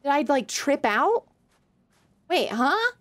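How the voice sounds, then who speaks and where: A woman's voice: high-pitched, big pitch swings, slow, fairly bright tone. A woman streaming a game live, reacting playfully, swearing and laughing as she talks to her chat. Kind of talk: live gameplay commentary.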